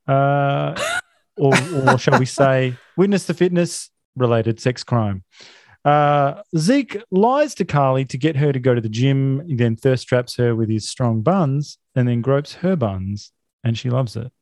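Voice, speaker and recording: A man co-hosting a podcast, recapping a film in deadpan sarcasm and mock outrage. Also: mid-range voice, a little slow, no echo, studio quality. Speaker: podcast co-host.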